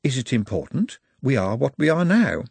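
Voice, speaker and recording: Man voicing a young male orc smith, calm, formal, soft-spoken, husky, dry close sound. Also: mid-range voice, no room sound, voice pushed up, full character voice. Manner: quiet, polite and measured.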